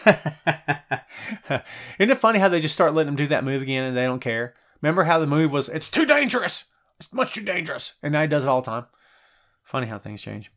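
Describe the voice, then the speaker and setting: A middle-aged man hosts a live show and talks straight to his viewers. His voice sits a little high, and he jokes, teases and gets animated as he reads out their comments. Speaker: podcast host. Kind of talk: live wrestling preview show, reading chat.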